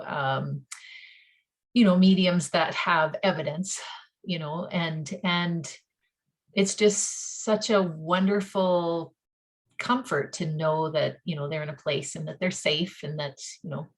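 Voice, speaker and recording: A woman hosting an interview, talking in a soft, hesitant way with many fillers. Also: lowish voice. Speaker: host. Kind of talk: casual interview chat.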